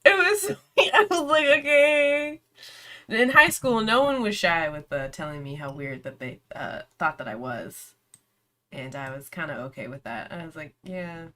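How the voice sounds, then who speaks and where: A woman's voice: low-pitched, animated, moderate pace, bright, forceful tone. Giggly, rambling young woman vlogger. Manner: chatty and giggly, breaks into laughter often; rambling, with many "like" and "um" fillers. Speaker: book vlogger hosting reading sprints. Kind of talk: casual storytelling chat.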